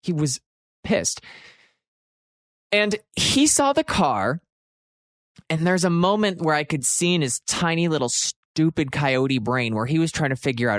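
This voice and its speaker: Guy from pennsylvania telling a wild story on his podcast, super expressive, swears a lot, dry close mic. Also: fairly high pitch, unhurried, long pauses, no echo. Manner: expressive, swearing, jumps into shouted quotes. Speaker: podcast host. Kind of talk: animated storytelling.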